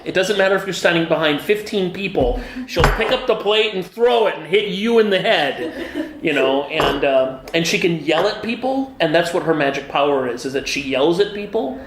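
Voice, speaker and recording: A man's voice: a little high, slight background noise. Enthusiastic man at a busy convention. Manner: enthusiastic, animated storyteller with many fillers. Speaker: game designer being interviewed. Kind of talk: casual convention interview. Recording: echoey convention hall with faint ambience.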